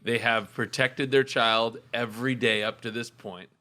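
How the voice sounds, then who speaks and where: A man co-hosting a podcast in casual talk, animated and a little halting, often repeating words. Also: mid-range voice. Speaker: podcast co-host.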